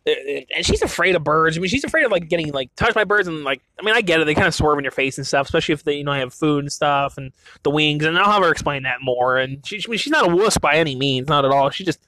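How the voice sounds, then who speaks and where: A young man from the western US rambles in a casual solo talk, circling back through restarts and fillers. His voice sits slightly high. The sound is dry and close, with no room around it. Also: expressive, fast talker, sharp tone, no room sound. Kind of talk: casual monologue.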